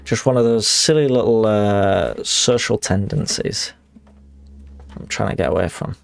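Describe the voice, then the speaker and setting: A man's voice: on the low side, measured pace, creaky, faint music behind. A man streaming a video game, chatting casually and reading in-game letters aloud, rambling and self-deprecating with frequent restarts.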